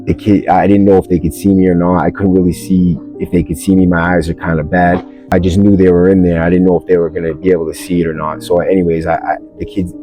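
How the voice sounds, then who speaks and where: A man's voice: sits low, little pitch movement, fast talker, hardly any pauses, warm tone, soft background music, poor audio. A man hosting a podcast, telling a story casually in blunt street slang and calling the listener bro. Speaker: podcast host.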